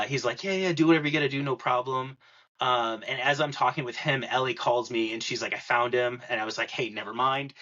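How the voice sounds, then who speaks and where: A man's voice: mid-range voice, sharp tone, lo-fi sound. A young man telling a long story in a rambling podcast chat, full of "like" and filler words. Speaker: podcast guest.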